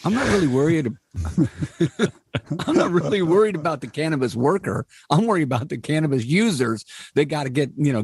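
Older man, wry, gravelly, slightly high, animated pitch. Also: brisk, dry recording, studio quality. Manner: chuckling, wry. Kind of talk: casual group chat.

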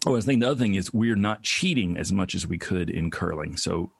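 A man chatting casually and comedically, riffing on ideas with quick mock voices. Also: deep voice, lively intonation, creaky, breathy edge, no room sound. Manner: joking, riffs into brief mock voices.

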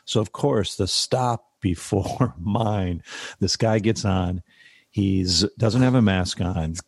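A man's voice: on the low side, slow, husky, no room sound, clean studio sound. A middle-aged man telling a rambling story in a casual group chat, full of fillers.

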